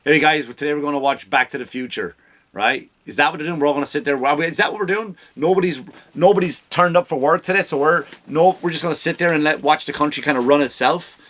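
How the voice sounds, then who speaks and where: A man's voice: on the high side, fast, a bit bright. A man hosting a comedy podcast, ranting with heavy swearing and sarcasm, often mocking people in put-on voices. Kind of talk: profane comedic rant.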